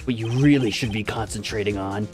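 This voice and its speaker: A man voicing a menacing male kidnapper in a game, speaking slowly and low with mock courtesy. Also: over music, natural voice. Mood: silkily menacing.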